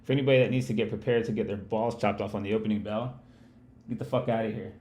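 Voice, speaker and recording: A man's voice: on the low side, fairly even intonation, fast, a little mellow, a little hiss or hum. A man hosting a live market-analysis stream, rambling and cursing freely as he talks straight to his chat. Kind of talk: casual livestream market commentary.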